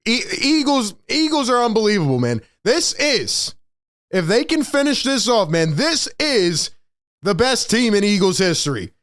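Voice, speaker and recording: A man's voice: sits high, big pitch swings, normal speed, a bit bright, no echo. A man hosting a live fan postgame show, hyped and emphatic, straining his voice and often ending lines with "man".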